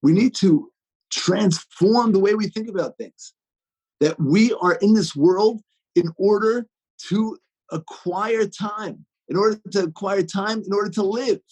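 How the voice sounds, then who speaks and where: A rabbi hosting a podcast, teaching in a casual, storytelling way with lots of restarts. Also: male voice, sits high, unhurried, husky, poor audio. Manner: storytelling, many restarts, warm enthusiasm.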